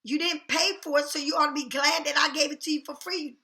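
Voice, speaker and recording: A woman with a high, bright voice, talking to her viewers as a tarot reader. She is blunt, heated and freely profane. The sound carries an echo from the room. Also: fairly even intonation, brisk, creaky. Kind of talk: casual direct-to-camera rant. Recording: echoey room.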